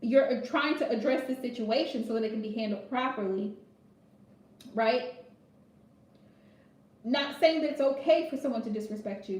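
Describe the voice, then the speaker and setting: A woman's voice: fairly high pitch, darkish tone, echoey room. A woman tarot reader talking bluntly and emphatically in a casual advice vlog, often checking in with "right?". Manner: blunt, emphatic, repeats her point with "right?".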